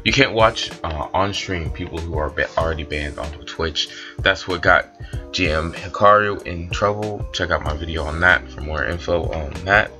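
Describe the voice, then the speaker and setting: Deep-voiced man giving loose commentary. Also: normal speed, over music. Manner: loose, rambling explainer with fillers. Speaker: commentary YouTuber. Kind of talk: casual commentary.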